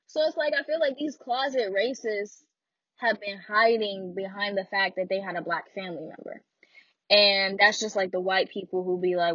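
A woman's voice: medium pitch, normal speed, no echo, lo-fi sound. A young woman, speaking bluntly and frankly about her own life, often laughing. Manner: blunt, frank and animated, with frequent laughs and asides. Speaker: speaker sharing personal story. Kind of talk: candid personal monologue.

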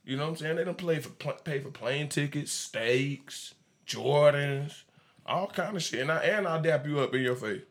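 A man's voice: a little high, moderate pace. A man as a podcast guest, talking bluntly and casually, laughing often.

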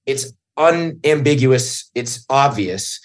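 Podcast guy, blunt, cusses a lot, gets fired up telling stories, mid pitch. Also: animated, takes it slowly. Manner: blunt, swears, heated when quoting himself. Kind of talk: casual chat.

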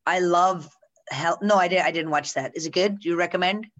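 A woman's voice: lowish voice, fairly quick, a bit bright, muffled recording. A woman co-hosting a casual chat, sharing strong opinions in a loose, rambling flow full of asides.

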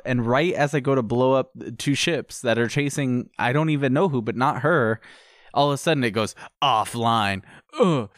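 A man co-hosting a casual game review chat, animated and mocking the game's dialogue. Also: medium pitch, moderate pace, no echo, clean studio sound. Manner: animated, mocks dialogue in put-on voices. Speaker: game podcast co-host.

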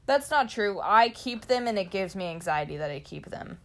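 A woman's voice: mid-range voice, expressive, normal speed, a little hiss or hum. A young woman co-hosting a podcast, chatting casually and sarcastically, laughing and swearing freely. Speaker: podcast co-host. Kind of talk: casual chat.

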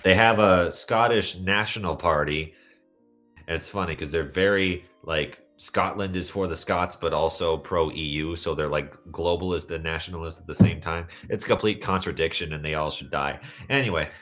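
A young man from the United States, hosting a casual podcast chat, rambling through tangents with deadpan jokes. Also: low-pitched, normal speed, soft background music. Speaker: podcast host.

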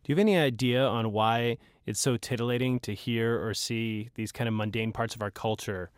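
A man hosting a public radio interview, asking questions in a relaxed, amiable way. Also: medium pitch, brisk, clean tone, dry recording, clean studio sound. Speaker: radio host. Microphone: studio microphone.

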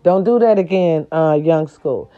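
A woman's voice: low voice, unhurried, lo-fi sound. A woman, ranting to her viewers in a sassy, profane and emphatic casual monologue. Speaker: vlogger.

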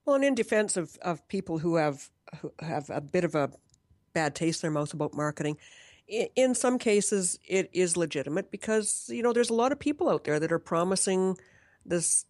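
Earnest low-voiced woman on marketing. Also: animated, brisk, a little mellow, no echo. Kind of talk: casual podcast conversation.

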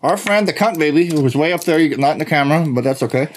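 A man hosting a chaotic comedy segment, joking loudly and switching to mock-serious asides. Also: on the high side, fast, a little hiss or hum. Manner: loud, joking, swinging from silly to mock-serious. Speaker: host.

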